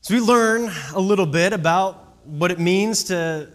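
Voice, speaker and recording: A man with a somewhat high voice tells a story that builds toward a lesson, speaking as a youth baseball coach. His delivery is animated and conversational, and he keeps checking in with his listeners. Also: unhurried.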